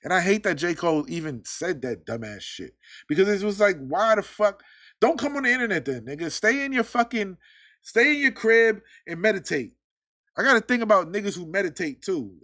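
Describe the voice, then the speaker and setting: A man's voice: high-pitched, animated, brisk, sharp tone. A man hosting his own podcast, ranting in casual, profane chat. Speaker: podcast host.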